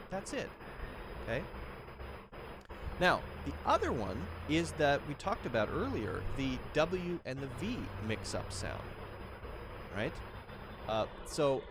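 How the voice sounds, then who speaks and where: A man's voice: mid-range voice, noisy background. A man teaching English pronunciation, demonstrating sounds by repeating words over and over. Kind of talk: pronunciation lesson.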